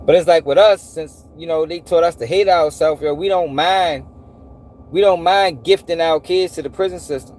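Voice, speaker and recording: A man hosting a live stream, animated and profane, repeating himself and firing off rhetorical questions. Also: a little high, normal speed, slight background noise. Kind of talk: casual commentary to a live audience.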